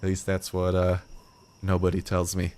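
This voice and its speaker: A late-teen guy rambling through casual gameplay commentary, joking and swearing freely. His voice sits on the low side for his age. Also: monotone, moderate pace, darkish tone. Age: late teens. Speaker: gaming video host.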